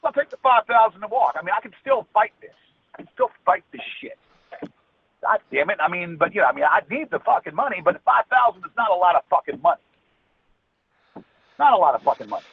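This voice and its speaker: A man's voice: high-pitched, big pitch swings, quick pace, gravelly, slightly rough. A man on a phone call, ranting angrily with heavy swearing and stammered restarts. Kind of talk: heated phone conversation. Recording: tinny phone line with faint noise.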